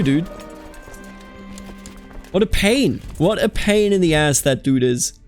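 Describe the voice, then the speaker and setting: A man's voice: on the high side, slow pace, pauses often, faint music behind. A man hosting a strategy game let's play, chatting casually with exasperated outbursts and reading game events aloud. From Bavaria. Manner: animated, exasperated outbursts, calls people dude.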